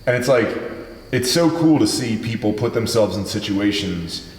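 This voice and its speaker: A man's voice: fairly low pitch, animated, normal speed. A man who is a guest on a podcast, chatting in a laid-back way and recounting memories. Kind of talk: casual chat. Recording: echoey room with long reverb, faint ambience.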